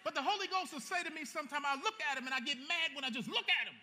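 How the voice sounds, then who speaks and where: A man preaching a sermon as pastor, animated and colloquial, joking with his congregation. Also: very high-pitched, rapid-fire, over music.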